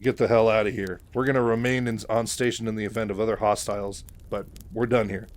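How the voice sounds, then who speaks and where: A man voicing a gruff male colonel who commands a warship, speaking in curt, barking orders, with a low voice. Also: little pitch movement, fast talker, natural voice. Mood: commanding.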